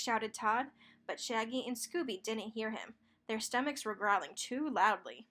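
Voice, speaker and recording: A woman narrating a children's picture book read-aloud with expressive storytelling. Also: on the high side, unhurried.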